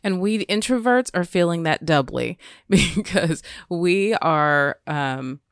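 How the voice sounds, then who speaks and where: A woman's voice: on the low side, animated, slow pace, clear, resonant tone, no room sound, clean studio sound. A woman hosting a casual interview, affirming her guest and asking questions. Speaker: host.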